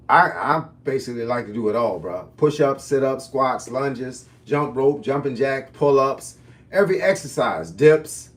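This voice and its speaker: A man's voice: a little high, recorded from a distance. A man in his fifties, a fitness and boxing coach, answering viewers' questions on a live stream in casual, folksy slang. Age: 50s.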